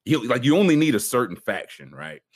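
A man chatting casually as a podcast co-host, animated and laughing often. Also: mid-range voice, a little fast, breathy edge. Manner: animated, laughs a lot, slips into voices. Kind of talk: casual chat.

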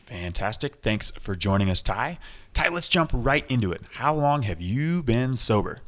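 A man's voice: mid-range voice, big pitch swings, moderate pace, fairly bright tone. A man hosting a podcast interview, chatty and joking, trading his own stories with his guest. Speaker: podcast host.

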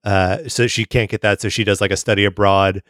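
A man's voice: lowish voice, steady tone, a little fast, a bit bright, no echo, clean studio sound. Rambling man podcast co-host. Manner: rambling, filler-heavy, swears, laughs often. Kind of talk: casual book discussion.

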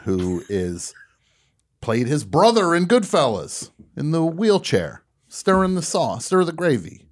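Animated man telling a funny story. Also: on the high side, slow. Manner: animated, laughs at his own story. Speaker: radio show host. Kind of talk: casual comedic storytelling.

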